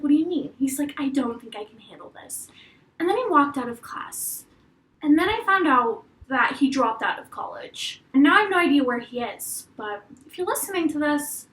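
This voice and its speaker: A young woman tells a crude storytime vlog into a webcam, with a high, bright voice that swoops widely. She swears freely and acts out the quotes. The room sounds echoey. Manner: animated, profane storytelling with acted-out quotes. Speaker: vlogger.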